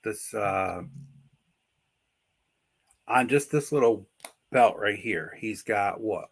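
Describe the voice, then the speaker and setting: A man co-hosting a casual livestream, talking with enthusiasm and telling stories in an animated way. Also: lowish voice, slow pace, gravelly, breathy edge. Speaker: co-host guest.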